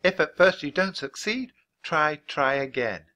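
A man reading aloud as a kind, patient woman schoolteacher on the frontier, speaking calmly and gently. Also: fairly high pitch, unhurried, voice pushed up. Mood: gentle. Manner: gentle, calm and encouraging. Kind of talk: children's audiobook reading.

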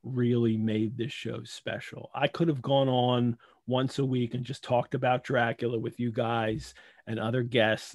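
A man with a gravelly, mid-pitched voice speaks over a video call, recorded dry and close. He is plainly moved, stumbling and restarting as he holds back tears. His tone stays heartfelt throughout. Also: darkish tone, no echo. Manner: heartfelt, halting, many restarts. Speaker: host. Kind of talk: emotional closing remarks on a live video call.

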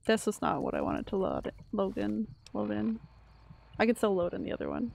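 A young woman with a gravelly, fry-edged voice chats her way through a game stream. She rambles loosely, swears casually and laughs at her own mistakes. Her pitch sits in an ordinary middle range. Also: huge pitch swings, normal speed, darkish tone, a little hiss or hum. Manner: chatty, rambling, swears casually, self-mocking. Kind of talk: casual gameplay commentary.

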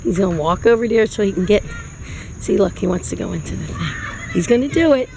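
A woman's voice: mid-range voice, lively intonation, brisk, background noise. A mother filming her toddler outdoors at a playground, coaxing him along in sing-song baby talk. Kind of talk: home video chat.

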